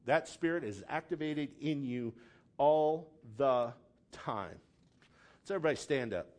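A pastor preaching a sermon, casual asides and checking in with the congregation, building to loud emphatic peaks. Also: male voice, a little high, lively intonation, measured pace. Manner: conversational asides, checks in with "okay?".

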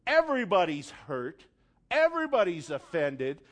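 A man preaching a sermon, telling a story dramatically and building from quiet, hushed lines to loud, forceful appeals. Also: high-pitched, wildly swooping pitch, normal speed.

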